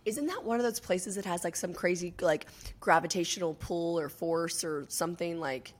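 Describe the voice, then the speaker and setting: A woman hosting a podcast, chatting casually with a friend, hoarse with vocal fry, teasing and swearing freely. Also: on the low side, moderate pace. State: hoarse, losing her voice. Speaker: podcast host. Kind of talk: casual chat between friends.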